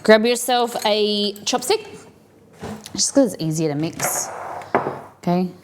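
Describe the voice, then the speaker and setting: A woman's voice: medium pitch, animated, slow, noisy background. A woman hosting a live cooking stream, chatting casually and thinking aloud as she works in a home kitchen.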